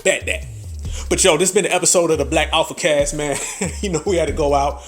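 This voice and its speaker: A man's voice: on the high side, fairly quick, soft background music. A man hosting a podcast, delivering a brash, profane comedic rant full of laughter. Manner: brash, laughing, heavy swearing. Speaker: podcast host.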